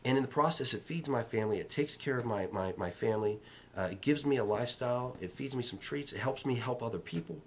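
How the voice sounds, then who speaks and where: A man in his thirties talks straight to the camera in a motivational vlog. He leans on blunt repetition and a coaching tone, with a voice of middling pitch. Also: fast, slight background noise. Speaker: real estate vlogger.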